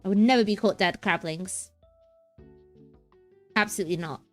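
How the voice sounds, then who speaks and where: A woman's voice: medium pitch, normal speed, soft background music. A young woman streamer chatting casually and playfully, rambling and giggling between thoughts. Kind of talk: casual livestream chat.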